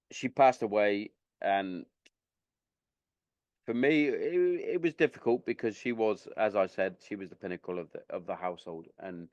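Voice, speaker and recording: A man's voice: on the low side, a little mellow, no echo, dull audio. A man hosting a podcast, chatting candidly and rambling a little, slightly tipsy. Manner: rambling, candid, swears freely. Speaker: podcast host. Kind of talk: casual podcast chat.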